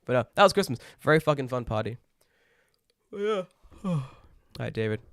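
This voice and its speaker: A young man, co-hosting a casual podcast, telling animated stories and swearing freely. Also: mid-range voice, moderate pace. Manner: lively storyteller, swears freely, impersonates friends. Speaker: podcast co-host.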